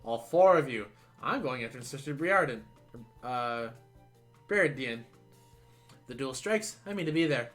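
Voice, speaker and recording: A man's voice: mid-range voice, animated, unhurried, pauses often, a bit bright, soft background music. A man voicing a blunt, scornful woman journalist who talks curtly and dismissively. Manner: curt, dismissive.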